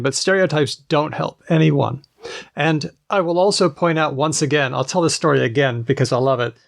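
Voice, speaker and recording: Gravelly-voiced man, easygoing podcast co-host. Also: medium pitch, no echo, clean studio sound. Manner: easygoing, explanatory. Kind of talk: casual chat.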